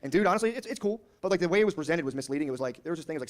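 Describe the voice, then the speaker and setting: A man's voice: fairly high pitch, animated, racing, hardly any pauses. A young man doing a casual, rambling stand-up comedy routine, riffing with lots of filler.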